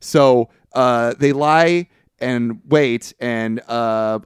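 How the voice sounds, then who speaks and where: A man co-hosting a podcast, casually recapping a film's plot, chatty and quick to laugh. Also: mid-range voice, clear, resonant tone, no room sound, clean studio sound. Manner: laughs often, chatty and loose. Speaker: podcast co-host. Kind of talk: casual movie recap chat.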